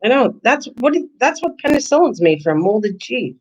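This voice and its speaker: A woman's voice: on the high side, very animated, normal speed, darkish tone. Older woman host, playful and teasing, chatty live-stream banter, slightly muffled lo-fi sound. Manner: teasing, chatty, answers viewer comments. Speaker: channel host. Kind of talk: casual live-stream chat.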